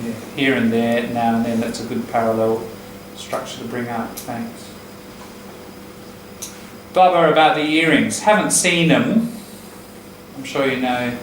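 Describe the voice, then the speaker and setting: A man teaching an English class, explaining pronunciation patterns in a relaxed way and repeating phrases to model them. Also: medium pitch, unhurried, slight background noise. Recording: echoey classroom recorded from a distance.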